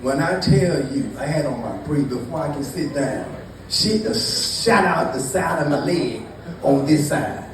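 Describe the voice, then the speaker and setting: Profane stand-up comic in an echoey room. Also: male voice, a little high, lively intonation, measured pace. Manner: loose, profane, teasing the audience. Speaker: stand-up comedian. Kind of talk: stand-up storytelling to a live crowd. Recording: echoey, distant mic with noise.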